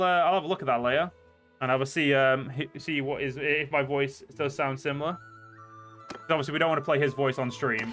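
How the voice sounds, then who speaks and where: A man commentates his own gameplay in a loose, chatty stream, cursing freely and blowing up into sudden loud outbursts. His voice is bright and sharp, sitting a little high for a man. Faint music plays behind him. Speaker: game streamer. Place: home, seated at a desk.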